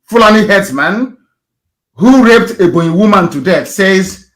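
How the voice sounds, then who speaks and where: A man giving an impassioned live broadcast, fiery and scornful, swinging from shouted outbursts to low, slow emphasis. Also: animated. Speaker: broadcaster addressing his followers.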